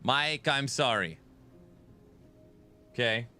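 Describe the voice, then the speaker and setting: A man's voice: mid-range voice, animated, slow, bright, forceful tone, clean tone, faint music behind. A man streaming a video game, bantering playfully and defensively with his chat. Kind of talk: casual gaming stream chat.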